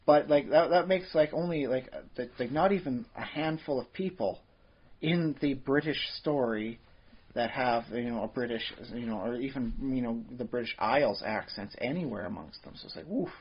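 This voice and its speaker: A man of middle pitch chatting on a podcast, circling his point through many fillers and restarts. The sound is dull and lo-fi. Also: animated, normal speed, slightly rough. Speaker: podcast co-host. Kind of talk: casual chat.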